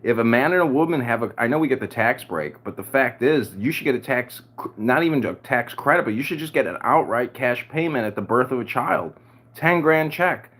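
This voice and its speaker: A man's voice: medium pitch, lively intonation, fairly quick, a bit bright. A man hosting a political podcast, talking in a heated, crude rant. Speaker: podcast host.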